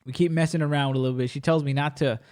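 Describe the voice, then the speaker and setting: Podcast host, man, fairly high voice, animated and foul-mouthed storyteller. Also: very fast, smooth. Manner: animated, acts out quoted dialogue with shifting voice; profane and blunt. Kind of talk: casual storytelling chat.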